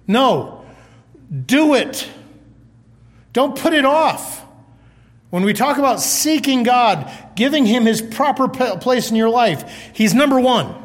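Male pastor, high voice, chatty animated sermon, long hall reverb. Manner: conversational, animated, reads scripture aloud.

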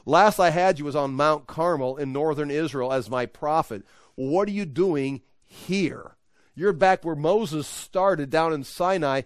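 Guy doing god, fed up, asking the prophet what he's doing there again and again, a bit higher than his normal voice. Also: measured pace, clean tone, dry recording, clean studio sound, close to an everyday voice. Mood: incredulous. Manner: incredulous, repeated questioning. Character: exasperated God questioning a runaway prophet.

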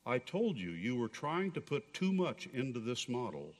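A man's voice: medium pitch, very animated, normal speed, pitched below the performer's own voice, close to an everyday voice. A man voicing a doubtful, fussing female angel in wry, questioning storytelling, in a reverberant church hall.

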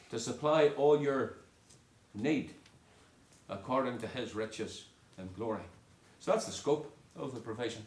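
A man from the United Kingdom preaching a sermon, earnest and emphatic, with pauses between phrases. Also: fairly high pitch, roomy sound.

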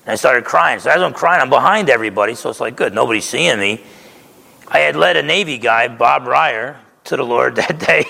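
Gravelly-voiced man preaching in a hall. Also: medium pitch, expressive, a little fast, sharp tone. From New Jersey, USA. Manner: conversational, emphatic, keeps asking "okay?". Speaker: pastor. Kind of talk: sermon. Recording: reverberant hall.

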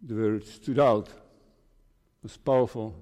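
A man's voice: lowish voice, fairly even intonation, slow pace, a little mellow. A man, preaching a farewell sermon as a pastor, earnest and repeating phrases for emphasis. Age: 60s. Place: church sanctuary. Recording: long church reverb.

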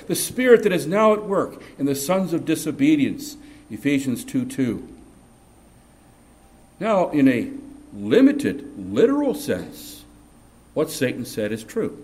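A man preaching a verse-by-verse sermon, emphatic and building to loud peaks, with frequent restarts of words. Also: on the high side, very animated, a little slow, long pauses. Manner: emphatic, rising to loud peaks on key points; repeats and restarts words mid-phrase. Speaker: pastor. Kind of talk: expository sermon.

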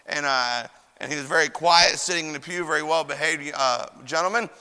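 A man's voice: on the high side, brisk, pushed and bright, smooth. A young man preaching a sermon in a church chapel, telling stories in a folksy way with plenty of fillers. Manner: folksy storyteller with many fillers and quoted voices. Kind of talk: sermon with storytelling. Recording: long hall reverb.

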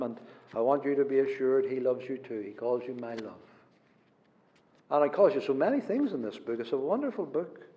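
A man preaching a sermon in an earnest way, moving from loud stressed phrases to hushed, near-whispered ones. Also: mid-range voice. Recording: dull audio with long hall reverb.

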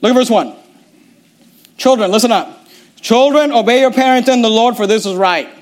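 A man preaching a sermon as pastor, emphatic and mocking in turns, often repeating his words. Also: sits high. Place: church.

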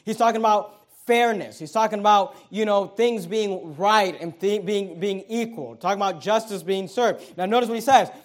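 A middle-aged man delivers a sermon in a notably high voice. He drives home his points by repeating them and breaks off for friendly asides to the congregation. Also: normal speed. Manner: emphatic preaching with repeated phrases and asides to the congregation. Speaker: pastor.

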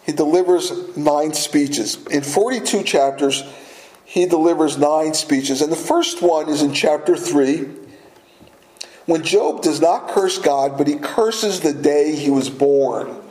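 A man's voice: fairly high pitch, takes it slowly, darkish tone, echoey room, low-quality recording. A man preaching a sermon as a pastor, earnest and repeating key phrases for emphasis.

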